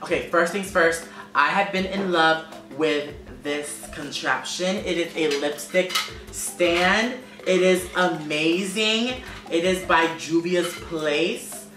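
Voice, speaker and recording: A man in his twenties chatting to camera as a beauty vlogger, quick, sassy and emphatic. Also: on the high side. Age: 20s. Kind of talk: casual chat to camera. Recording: echoey room, distant mic, music behind.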